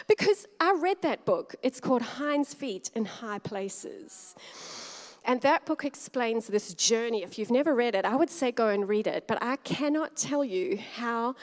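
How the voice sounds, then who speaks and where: A woman pastor from Australia giving a conversational sermon, telling stories with frequent laughs and acted-out dialogue. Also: on the high side. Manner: chatty, laughs often, acts out quoted dialogue. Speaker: co-lead pastor. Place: church hall. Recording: long hall reverb.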